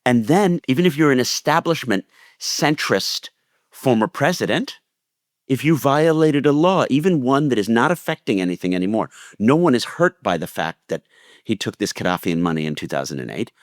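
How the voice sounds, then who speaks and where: A man's voice: mid-range voice, sing-song, moderate pace, no room sound, studio quality. A man co-hosting a political podcast, arguing with passion and emphasis. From United States. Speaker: podcast co-host.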